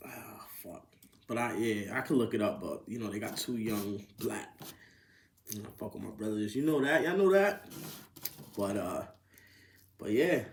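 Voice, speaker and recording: A man's voice: lowish voice, moderate pace, vocal fry, a little hiss or hum. A man hosting a casual sports podcast, swearing freely and rising into incredulous outbursts. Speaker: podcast host. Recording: roomy echo.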